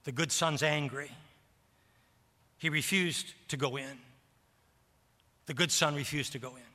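A man preaching a sermon in a church, animated and voicing the characters' words, repeating phrases for emphasis. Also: on the high side, measured pace. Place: church sanctuary. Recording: long reverb of a large hall.

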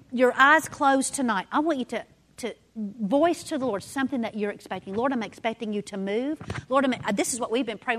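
A woman, a women's ministry speaker, giving a sermon in a meeting room and telling stories while acting out the dialogue. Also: high voice. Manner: animated storyteller, acts out dialogue. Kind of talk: sermon with personal storytelling. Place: indoor meeting room with audience.

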